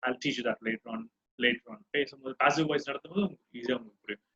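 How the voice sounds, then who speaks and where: A man's voice: mid-range voice, very fast, fairly bright tone, dull audio. A man with a Tamil accent teaching English grammar, mixing in Tamil and repeating example questions with exaggerated rising tones. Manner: switches between English and Tamil, repeats phrases with exaggerated intonation. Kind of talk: classroom grammar lesson.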